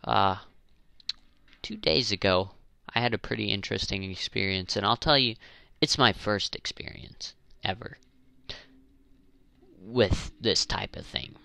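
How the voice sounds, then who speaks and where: A young man giving casual, rambling commentary while playing a zombie game, jokey and prone to exasperated high-pitched questions. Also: unhurried, creaky, pauses often, pushed and bright, dry recording. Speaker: gaming channel host.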